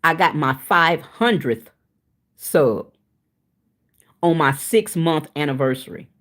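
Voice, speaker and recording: Woman, low voice, streaming host, frank chatty delivery, tired and winded. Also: lively intonation, slow. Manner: chatty, frank, addresses viewers as y'all. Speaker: cooking channel livestream host. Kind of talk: casual chat with viewers.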